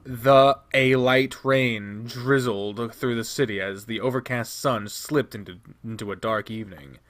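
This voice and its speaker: A man reading a visual novel aloud, narrating expressively with quick restarts. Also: mid-range voice, fairly bright tone. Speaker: game reader.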